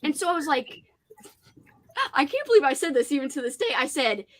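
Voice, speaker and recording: A woman hosting a casual livestream chat, telling an animated story with "like" in nearly every sentence. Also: high-pitched, fairly quick. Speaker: host.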